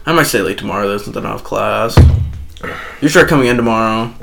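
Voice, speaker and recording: A man's voice: fairly low pitch, fast, gravelly, pushed and bright. A young adult man co-hosting a podcast, telling rambling, profane work stories in casual chat. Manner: rambling, profane, quotes coworkers. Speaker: podcast co-host.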